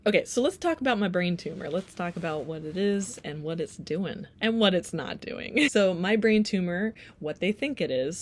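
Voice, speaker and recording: Chatty woman vlogger, low voice. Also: a little hiss or hum. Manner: chatty and playful, laughs often, goes off on tangents. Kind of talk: casual talk to camera.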